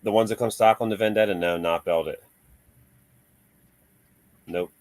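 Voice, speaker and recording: A chatty, easygoing man talking shop with a friend. His voice sits on the low side and sounds close and dry, with no room around it. He laughs easily and drifts between topics. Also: steady tone, unhurried, no room sound. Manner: laid-back, chatty, laughs often. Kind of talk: casual chat.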